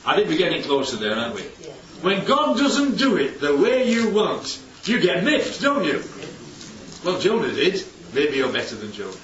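A man's voice: on the high side, huge pitch swings, moderate pace, a bit bright. A man preaching in a chatty, conversational way, his voice rising and falling widely as he keeps asking the congregation rhetorical questions. He sits far from the mic in an echoey church hall, and the sound is somewhat dull with faint background noise. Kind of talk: conversational sermon.

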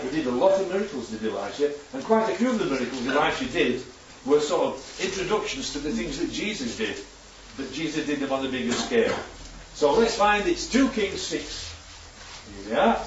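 A man's voice: on the high side, sing-song, normal speed, a little hiss or hum. A man giving an informal Bible talk as a preacher, chatty and often checking in with his listeners. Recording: echoey, distant, dull sound.

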